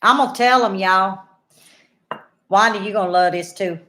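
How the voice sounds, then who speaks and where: Older woman host, chatty, folksy storyteller talking straight to viewers at a mid pitch. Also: normal speed, bright, forceful tone. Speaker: homesteading channel host. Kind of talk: casual chat and storytelling to viewers.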